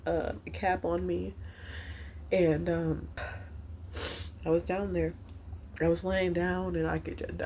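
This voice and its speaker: A woman vlogger telling a personal story to the camera, candid and halting, with many fillers, at times choked up. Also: fairly low pitch, gravelly, a little mellow, slight background noise. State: choked up, near tears.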